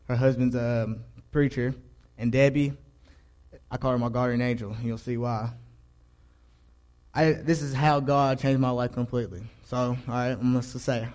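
Young male choir leader, mid-pitched voice, loose rambling testimony delivery that drops to a hush for his quoted thoughts. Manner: casual, rambling, restarts, quotes his own thoughts in a hushed voice. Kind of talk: personal faith testimony.

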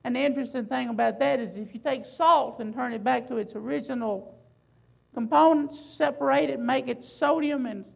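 A woman preaching a sermon, building emphasis with loud swells and slow, drawn-out phrases. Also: sits high, gravelly, low-quality recording.

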